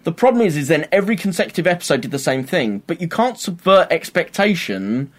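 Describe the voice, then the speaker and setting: A man's voice: on the high side, fairly quick. Young guy rambling in a podcast chat, voice bouncing all over. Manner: animated, rambling, laughs often. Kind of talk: casual chat.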